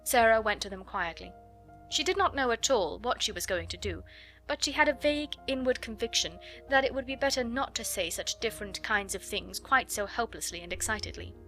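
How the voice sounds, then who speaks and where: A woman's voice: a little high, lively intonation, brisk, bright, forceful tone, soft background music. A woman narrating a classic children's novel as an audiobook reader, telling it expressively. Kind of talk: scripted narration.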